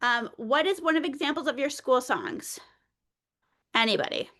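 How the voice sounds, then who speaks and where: A woman presenting an early childhood workshop, playful and animated, talking straight to the group like a teacher. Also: sits high, normal speed.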